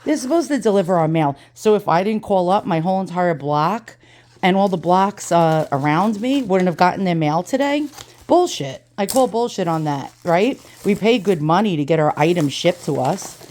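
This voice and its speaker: A woman's voice: on the low side, animated, normal speed, darkish tone. A middle-aged woman vlogger talking in a casual, blunt and profane way, telling a story while she unboxes things. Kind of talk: casual ranting vlog chat.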